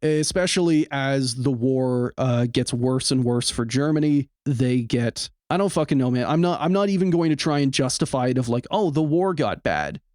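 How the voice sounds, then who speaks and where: A man's voice: mid-range voice, normal speed, darkish tone, no room sound, clean studio sound. A man hosting a podcast in casual chat, blunt and rambling, swearing freely. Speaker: podcast host.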